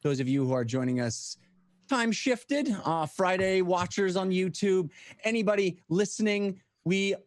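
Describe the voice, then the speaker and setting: A man in the dungeon master's seat greets everyone in a chatty, effusive way. His pitch moves lively up and down, slightly high for a man. The sound is dry and close. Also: unhurried, no echo. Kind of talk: casual chat, welcoming viewers.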